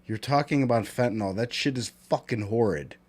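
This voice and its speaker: A man's voice: medium pitch, brisk, a little mellow. A man co-hosting a live stream who laughs often, swears, and reads out chat comments. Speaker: co-host.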